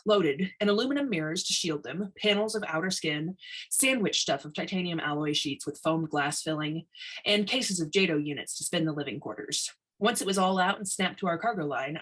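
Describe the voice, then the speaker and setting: Expressive, breathy woman reading aloud. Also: sits low, low-quality recording. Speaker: story reader. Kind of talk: reading a short story aloud.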